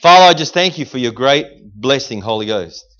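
A man preaching an energetic sermon in a church service, calling out to the congregation for responses. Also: mid-range voice, brisk, smooth, dull audio. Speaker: guest preacher.

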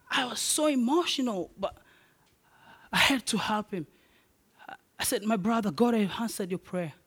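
A preacher giving a sermon, telling personal stories and repeating key phrases in emphatic, rising declarations. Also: mid-range voice. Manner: personal storytelling.

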